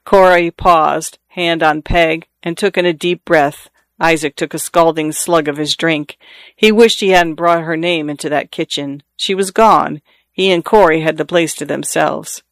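A man narrating a novel as an audiobook in a measured, expressive way. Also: fairly high pitch, no room sound.

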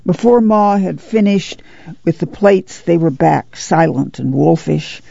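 Gravelly mellow audiobook narrator. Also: medium pitch, animated, no echo, highs cut off. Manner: measured storytelling. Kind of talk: scripted narration.

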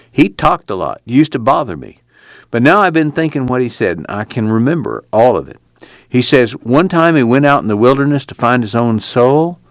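Brooding young fugitive, read by a man, plainspoken rural drawl, animated delivery. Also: medium pitch, dry recording. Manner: folksy rural dialect, thoughtful and plainspoken. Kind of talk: audiobook character reading.

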